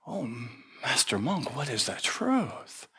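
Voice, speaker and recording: A man doing a soft, plaintive snake. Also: mid-range voice, huge pitch swings, slow, slightly rough, heavily acted. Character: humbled once-dangerous male snake. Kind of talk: storytelling sermon.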